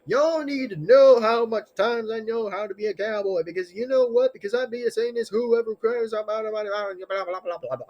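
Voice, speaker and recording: Man doing a boastful cowboy drawl, pitched high, rambling. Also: moderate pace, few pauses, a little mellow, dull audio, close to an everyday voice. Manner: rambling, trails into gibberish.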